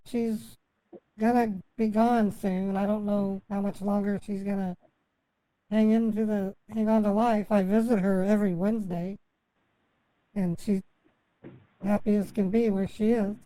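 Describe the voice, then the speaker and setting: A woman on a phone call, rambling through a long story and halting often, stammering and restarting her sentences with many fillers. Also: medium pitch, fairly even intonation, warm tone, dry recording. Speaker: scambaiter posing as a victim.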